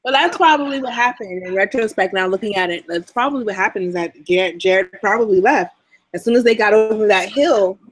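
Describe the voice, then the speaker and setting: A woman's voice: mid-range voice, fairly quick, dry recording, rough recording. A woman co-hosting a casual podcast, playful and wry, riffing along with her friend. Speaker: podcast co-host. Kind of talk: casual chat.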